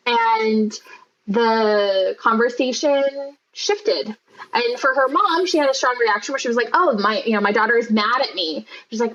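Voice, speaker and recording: Female podcast guest, fairly high voice, lively storyteller, muffled lo-fi sound. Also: measured pace. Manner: storytelling, acts out quoted voices. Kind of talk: casual podcast chat.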